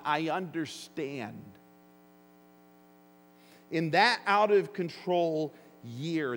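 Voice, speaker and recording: A man preaching a sermon as pastor, earnest and emphatic, with deliberate phrasing. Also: on the high side. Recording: long reverb of a large hall.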